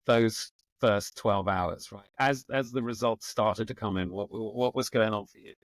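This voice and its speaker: A man's voice: on the low side, a little slow, dry recording. A man co-hosting a casual political discussion and prompting his guest with questions. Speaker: podcast co-host.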